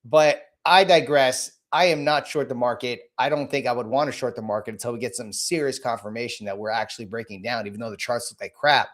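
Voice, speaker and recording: A man hosting a casual market livestream, hoarse from a cold, blunt and rambling with many restarts. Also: medium pitch, a little fast, few pauses, a bit bright. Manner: rambling, repeats himself, frequent restarts; blunt and casual, greets viewers by name.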